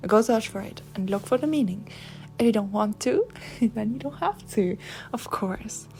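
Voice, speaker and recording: Young female intuitive reader, gentle and whispery, mellow tone, faint music underneath. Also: mid-range voice, lively intonation, creaky. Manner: slow, soft and gentle, often drifting into a whisper. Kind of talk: channeled spiritual reading.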